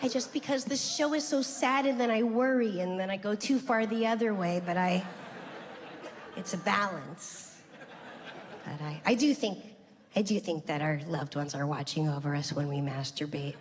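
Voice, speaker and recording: A middle-aged woman performing a stand-up routine, telling stories in a conversational, deadpan way. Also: normal speed, noisy background. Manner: conversational, deadpan storytelling with sudden high-pitched voices for quoted people. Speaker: stand-up comedian. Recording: live show with long hall reverb and faint ambience.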